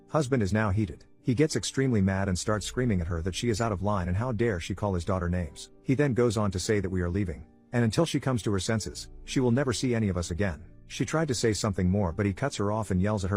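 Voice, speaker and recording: Fast-reading man narrating a story. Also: fairly low pitch, a little mellow. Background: faint background music.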